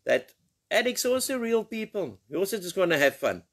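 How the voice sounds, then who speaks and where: Man, host, joking live chat, teasing, slightly high pitch. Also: sing-song, fairly quick, a bit bright. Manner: teasing, banters and laughs a lot.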